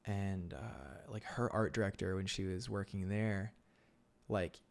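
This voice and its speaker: A man with a fairly low voice talks through his character sketching on a live stream. His delivery is relaxed and rambling, with plenty of "like"s and filler words scattered through his casual chat. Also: measured pace, gravelly.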